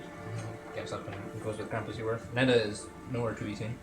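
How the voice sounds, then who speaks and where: A man's voice: fairly low pitch, flat delivery, a little fast. A man narrating a tabletop game as game master, often stumbling and repeating words as he improvises. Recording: roomy, music behind.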